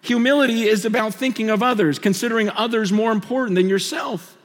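Male pastor, fairly high voice, preaching with lively swings from loud to hushed, long hall reverb. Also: brisk. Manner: swings between animated bursts and hushed, intimate storytelling. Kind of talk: sermon.

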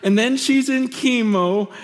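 A man's voice: very high-pitched, measured pace. Preaching man in an echoing hall. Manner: swings between animated bursts and hushed, intimate storytelling. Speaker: pastor. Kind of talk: sermon. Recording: long reverb of a large hall.

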